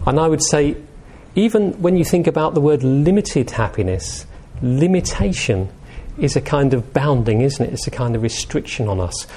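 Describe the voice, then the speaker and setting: A man giving an informal talk on meditation, gentle and conversational, often asking his listeners questions. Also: medium pitch, slightly rough. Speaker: meditation teacher.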